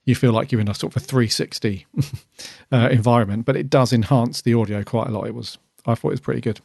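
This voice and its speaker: A man's voice: medium pitch, fast, gravelly, a little mellow, slightly rough, no echo, studio quality. A man co-hosting a podcast, chatting casually and rambling with lots of ums while reviewing an episode. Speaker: podcast co-host.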